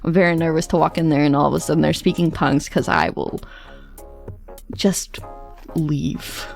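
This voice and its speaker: Gravelly chatty woman streamer. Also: low-pitched, steady tone, moderate pace, faint music behind. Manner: chatty, tells stories with quoted asides, laughs often. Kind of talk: casual storytelling chat.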